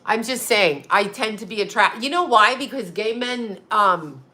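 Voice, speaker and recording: A woman's voice: medium pitch, lively intonation, moderate pace, sharp tone. A woman hosting a psychic livestream, chatting casually and bluntly with viewers, rambling and often laughing. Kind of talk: casual live chat reading viewer comments.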